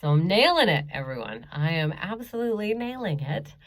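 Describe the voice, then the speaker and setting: Brief: woman comic, lowish voice, chatty and self-mocking, performing from her bedroom. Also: very animated, brisk. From Canada. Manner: chatty, self-mocking, frequent laughs and ums. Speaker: stand-up comedian. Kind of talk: stand-up comedy set over video. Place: home bedroom.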